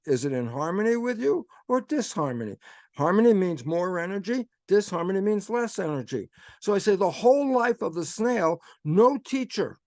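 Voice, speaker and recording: Animated man quoting himself, crisp and dry. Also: high-pitched, no echo. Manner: animated storyteller who acts out quoted dialogue; frequent self-quoting with "I say" and "I go". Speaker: guest speaker. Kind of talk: explanatory conversational talk.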